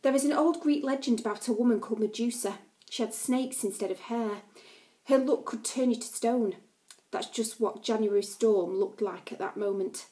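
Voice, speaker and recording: A woman's voice: fairly high pitch, moderate pace, warm tone. A woman teacher reading a class novel aloud to her pupils, with playful chatty asides.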